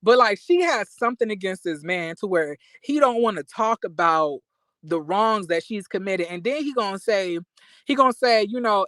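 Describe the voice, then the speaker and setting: Guy ranting about reality tv on his channel, loud and animated, swears a lot, dead dry room. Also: sits high, normal speed, no room sound. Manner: animated, profane, emphatic, breaks into apologetic asides. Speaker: commentary vlogger. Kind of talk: reality TV commentary rant.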